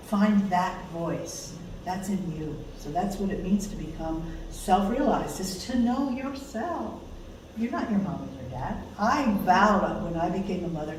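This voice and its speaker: An older woman speaking to a small class in a conference room, chatty and quick to laugh. Her voice reaches the mic from across a very echoey room, with a faint hiss underneath. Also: mid-range voice, lively intonation, recorded from a distance. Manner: warm, laughing, conversational teaching. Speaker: course teacher. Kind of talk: informal talk to a small group.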